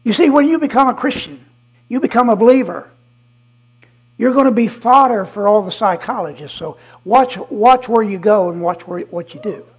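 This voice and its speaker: A guest preacher giving a fiery sermon, emphatic and repetitive, swinging from shouted declarations to hushed asides. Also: medium pitch, animated, normal speed, slightly rough, low-quality recording.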